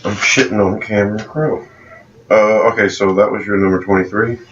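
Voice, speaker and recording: A man from South Louisiana co-hosting a casual movie chat, relaxed and opinionated, chuckling often. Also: fairly low pitch, normal speed. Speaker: co-host of a movie review show. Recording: roomy, distant, dull, faint background hiss.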